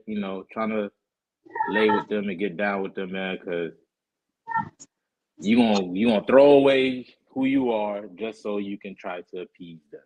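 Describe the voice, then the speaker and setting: A man's voice: on the low side, rough recording. A man teaching a class casually over a live stream, informal and often checking in with his listeners.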